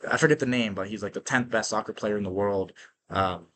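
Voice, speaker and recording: A man hosting a podcast, telling stories in an energetic, casual monologue that is full of profanity and tag questions like "right?". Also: lowish voice, a little fast, slight background noise. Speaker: podcast host.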